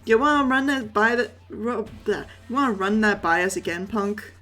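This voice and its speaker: A woman's voice: mid-range voice, normal speed, a bit bright, lightly acted. A rowdy young tough sneers and taunts with a brash edge, as a woman puts him on. Game music runs faintly underneath. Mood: taunting.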